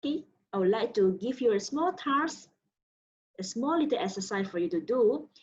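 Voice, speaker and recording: A woman's voice: fairly high pitch, lively intonation, moderate pace, lo-fi sound. A woman teaching Mandarin pronunciation, drawing out syllables with their tone contours and explaining in simple, slightly non-native English. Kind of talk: slow pronunciation lesson.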